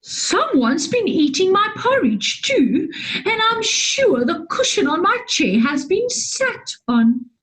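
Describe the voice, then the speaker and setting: A woman voicing a gentle mother bear in a storybook reading, with a soft, growly voice. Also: very high voice, very animated, slow pace, voice pushed up, full character voice, rough recording.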